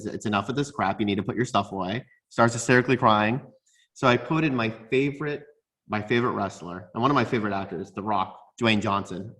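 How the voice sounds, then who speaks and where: Brief: excitable male podcast co-host, a dad, stammering restarts, average-pitched voice. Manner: excitable storyteller, repeats words, bursts into laughter. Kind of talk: casual chat.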